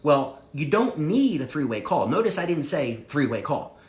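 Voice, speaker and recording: A man's voice: fairly high pitch, very animated, normal speed. A man giving a sales training talk, coaching energetically and acting out sample phone calls. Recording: echoey room with faint ambient noise.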